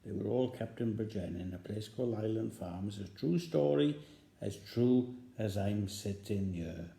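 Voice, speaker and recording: Guy telling a long joke, low mellow voice, takes his time. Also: normal speed, vocal fry. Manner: rambling, repeats phrases for effect. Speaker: storyteller. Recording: roomy echo.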